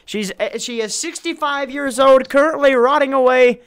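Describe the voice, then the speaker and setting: A man's voice: very high voice, moderate pace, gravelly, fairly bright tone, clear, resonant tone. A man hosting a casual podcast, joking, swearing and laughing a lot with his co-hosts. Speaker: podcast host. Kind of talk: casual crude podcast banter.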